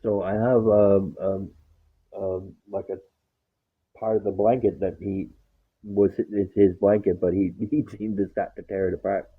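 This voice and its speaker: Husky, foul-mouthed man over a tinny line. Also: on the low side, level tone, measured pace. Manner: rambling, swears a lot, acts out talk to his dog. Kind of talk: casual profane storytelling. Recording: tinny phone-like sound.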